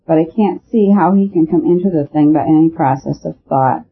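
An eager detective thinks out loud in a quick, argumentative way, as a male reader plays him. His voice is husky and pitched a little high, and it comes through a thin, phone-like line. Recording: narrow phone-like sound.

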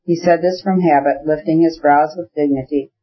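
Man narrating a classic novel, lo-fi. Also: fairly high pitch. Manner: measured, even reading. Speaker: audiobook narrator. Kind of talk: scripted narration. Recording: dull lo-fi audiobook recording.

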